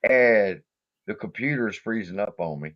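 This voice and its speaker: A man's voice: on the low side, animated, moderate pace. A man hosting a casual stream, telling crude, joking stories and laughing often. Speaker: stream host. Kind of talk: casual chat. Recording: muffled lo-fi stream audio.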